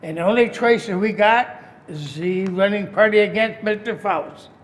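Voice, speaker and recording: A man's voice: high voice, normal speed. A man giving a heated, accusing public comment at a city council meeting. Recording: echoey council chamber.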